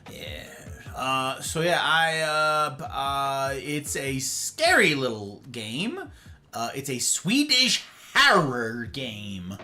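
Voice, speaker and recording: A man's voice: mid-range voice, sing-song, slow pace, pushed and bright, soft background music. A man hosting a livestream, chatting casually and reading and answering his viewers' messages aloud. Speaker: livestream host.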